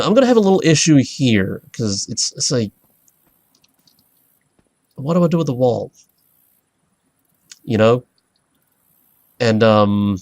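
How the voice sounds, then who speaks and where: A man hosting a let's play, giving rambling, excitable gameplay commentary. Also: medium pitch, no room sound. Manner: rambling, excitable, self-interrupting.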